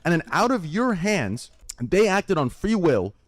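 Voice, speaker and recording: A man's voice: high-pitched, sing-song, measured pace, no room sound. A man on a recorded call who presses and interrupts, incredulous as he confronts the other person. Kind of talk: confrontational argument.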